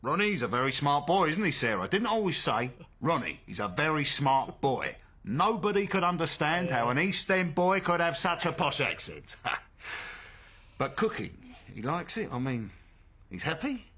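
An actor playing a warm, chatty middle-aged man fondly catching up with old friends. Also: fairly high pitch, big pitch swings, moderate pace, slightly rough, full character voice. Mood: eager. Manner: warm, effusive, nostalgic, chatty. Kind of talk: stage drama dialogue.

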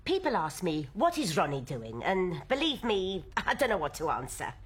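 A husky, weary housewife. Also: female voice, fairly low pitch, very animated, moderate pace, heavily acted. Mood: wry. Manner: blunt, matter-of-fact, worn down. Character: tough weary working-class London housewife. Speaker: wife and host of old friends. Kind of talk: stage drama dialogue.

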